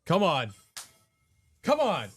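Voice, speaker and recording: Slow, animated man playing a game. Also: high voice, faint music behind. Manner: excitable, exclaiming. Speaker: player. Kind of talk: live gaming talk.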